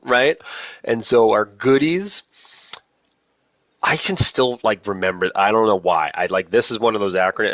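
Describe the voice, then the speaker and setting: A man's voice: lowish voice, a bit bright, no room sound, dull audio. A man training new lacrosse officials in a casual, self-deprecating way, often repeating key points. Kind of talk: casual online training talk.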